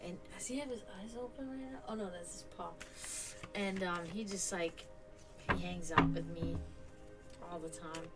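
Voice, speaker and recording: A woman hosting a home livestream, chatting casually and rambling, who laughs often, swears, and slips into high sing-song baby talk with her cats. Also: steady tone, normal speed, loud music behind the voice, rough recording. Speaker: esoteric stream host. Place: home, indoors.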